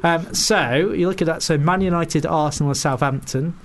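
A man's voice: on the high side, normal speed. A man with a slightly raised voice co-hosts a loose, jokey podcast. He delivers dry asides with frequent chuckles, over a faint background hiss. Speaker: podcast co-host. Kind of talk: casual chat.

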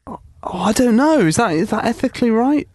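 A British man co-hosting a casual podcast chat, quick with jokes and laughter. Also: very high-pitched, expressive, darkish tone, no room sound. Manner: quick-witted, laughing, jokey interjections. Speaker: podcast co-host.

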